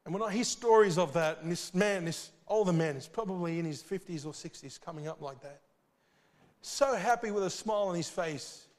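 A man preaching a sermon, earnest and urgent, with sudden loud swells and soft drops. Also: high voice, a little fast, in a large hall.

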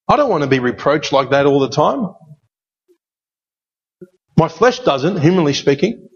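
A man's voice: high-pitched, breathy edge. A man preaching a sermon as pastor, emphatic and given to repeating key phrases. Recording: dull sound with long hall reverb.

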